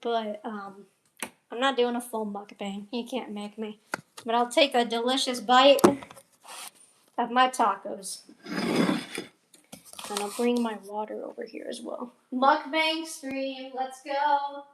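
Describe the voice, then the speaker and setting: A young woman with a high voice chats on a casual livestream. She rambles and mutters to herself while she cooks and eats, swearing offhand. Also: steady tone, slow pace, pauses often, echoey room, distant mic, noisy background. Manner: rambling, talks to herself while cooking and eating. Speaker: streamer.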